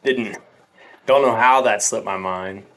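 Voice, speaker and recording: Young male guest, laid-back storyteller, lowish voice. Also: a little slow, a bit bright. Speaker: podcast guest, football coach. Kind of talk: casual chat.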